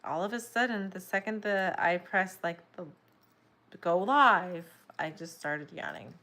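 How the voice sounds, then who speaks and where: A woman's voice: on the low side, a little slow, pushed and bright. A woman chatting casually on a livestream while she crochets, rambling and apologizing as she keeps yawning. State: yawning, sleepy.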